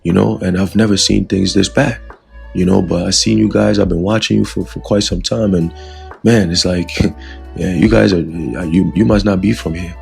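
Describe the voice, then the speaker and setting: A man's voice: sits low, steady tone, normal speed, gravelly, darkish tone, soft background music. A man voicing a friendly, secretive male butcher who talks in street slang. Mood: earnest.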